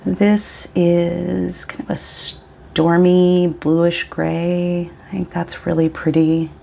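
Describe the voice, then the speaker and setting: A woman's voice: on the low side, flat delivery, extremely slow, vocal fry, warm tone. A woman in her forties chatting casually and rambling a little as she tries out inks for her vlog. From Pacific Northwest of the US. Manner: chatty, rambling, self-interrupting. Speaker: vlogger. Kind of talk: casual chat while swatching inks.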